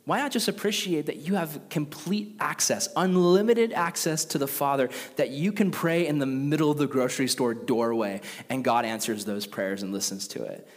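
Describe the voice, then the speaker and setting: A young adult man preaching a sermon, animated and conversational, with casual asides to the congregation. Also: fairly high pitch, brisk, few pauses. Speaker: pastor. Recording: reverberant hall.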